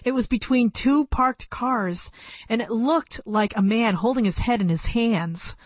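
A woman reading a first-person story aloud as an audiobook narrator, in a plain, measured storytelling manner, close to a studio mic. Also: a little high, dry recording.

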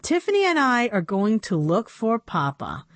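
A woman's voice: mid-range voice, huge pitch swings, moderate pace, no echo, voice pushed up. A woman reading a storybook aloud, voicing a sensible, determined young girl doll who takes charge.

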